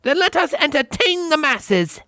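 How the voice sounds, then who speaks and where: A stately pony princess of the night, put on by a man reading a storybook aloud, speaking in archaic, formal phrasing. The voice sits high above his own and swings lively through each line, recorded dry and close. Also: unhurried, no room sound, heavily acted. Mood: regal. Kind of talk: audiobook character voice.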